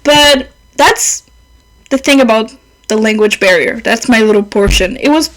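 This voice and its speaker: A young woman, by mother tongue, hosts her podcast as a loose, rambling chat. Her voice sits a little high, and she swears lightly as she wanders between thoughts. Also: measured pace, a bit bright, low-quality recording. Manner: chatty, rambling, swears casually. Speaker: podcast host. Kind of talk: casual chat.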